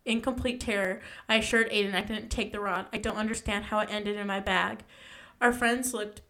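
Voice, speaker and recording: A woman's voice: mid-range voice, fairly even intonation, moderate pace, sharp tone. A young woman casually reading a ghost story aloud, stumbling and correcting herself as she goes.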